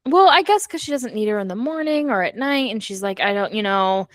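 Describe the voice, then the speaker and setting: A woman co-hosting a book club recaps a novel in casual chat, animatedly retelling the story and acting out the characters' lines. Her mid-range voice is expressive and brisk, with no room sound.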